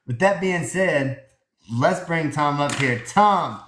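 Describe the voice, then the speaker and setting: A man's voice: a little high, expressive, slow pace, a bit bright, reverberant. A man with a Southern US accent hosting a crypto project's live audio space, talking earnestly into his phone with lots of fillers and restarts. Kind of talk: casual live-stream talk. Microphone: phone in a holder.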